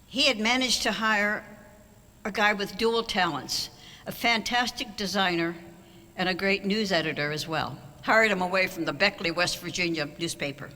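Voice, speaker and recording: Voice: mid-range voice, moderate pace, sharp tone. Older speaker telling wry stories in a hall. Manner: wry, anecdotal storytelling. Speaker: award honoree giving a speech. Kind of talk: banquet speech, storytelling. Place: large auditorium hall. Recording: long hall reverb.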